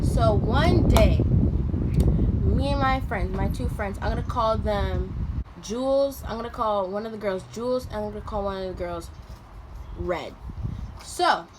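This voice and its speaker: A young woman telling a story to her vlog audience in casual slang, acting out what people said with sudden loud jumps in pitch. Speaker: vlogger. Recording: noticeable background noise.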